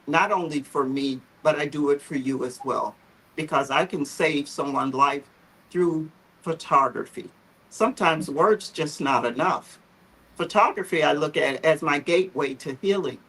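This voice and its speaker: A woman's voice: low voice, fairly bright tone, breathy edge, rough recording. A woman, founder of a photo therapy group, telling her personal story on a livestream video call in a heartfelt, emotional, earnest way.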